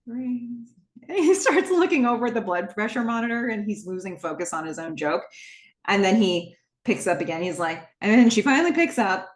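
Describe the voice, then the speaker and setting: A woman hosting a podcast, retelling a TV episode scene by scene in a lively, laughing way. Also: medium pitch, moderate pace. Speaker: podcast host. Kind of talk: casual episode recap. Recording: roomy echo.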